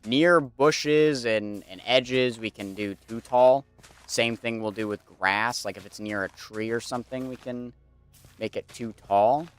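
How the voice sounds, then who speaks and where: A man's voice: medium pitch, measured pace, clear, resonant tone. A young man streaming casually, rambling and thinking aloud with lots of fillers while he plays a building game.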